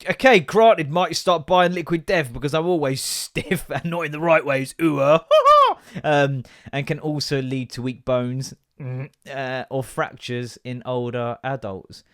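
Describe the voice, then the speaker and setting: A man's voice: mid-range voice, steady tone, a little slow, hardly any pauses, dry recording, studio quality. A young man hosting a podcast, ranting in a sweary, sarcastic, exasperated way. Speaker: podcast host. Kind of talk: comedic solo rant.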